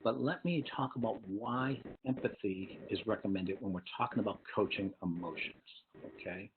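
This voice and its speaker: Over tinny, phone-like webinar audio carrying a bit of hiss or hum, a man explains his material one step at a time to an audience of teachers and parents. He speaks at a moderate pace in a fairly low voice, checking in often with "okay?".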